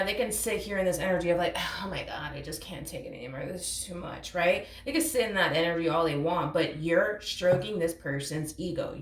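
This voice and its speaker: A woman with a lowish voice gives a tarot reading in a casual, blunt way. She hammers her points home through repetition and talks straight to the listener. She sits back from the mic in a roomy, echoey space. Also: far from the mic. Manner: emphatic, repetitive, blunt, calls listener honey. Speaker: tarot reader. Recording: roomy echo, away from the mic.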